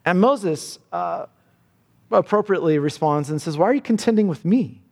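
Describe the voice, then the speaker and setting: A man's voice: high voice, expressive, moderate pace, darkish tone, long reverb tail. A man preaching a sermon, earnest, often repeating words as he builds a point.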